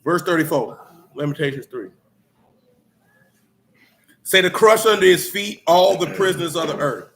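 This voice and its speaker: A man's voice: on the high side, moderate pace, pauses often, a bit bright. A man preaching a blunt, street-talking sermon mixed with scripture reading. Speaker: teacher.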